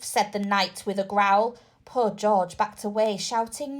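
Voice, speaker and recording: A woman reading a children's bedtime story aloud, lively and expressive. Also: fairly high pitch, unhurried, few pauses.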